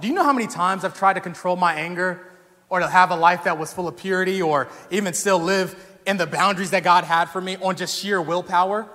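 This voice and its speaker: A young man preaching a sermon in a church, talking casually and telling stories with animated energy that rises to shouts. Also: sits high. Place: church sanctuary. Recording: long hall reverb.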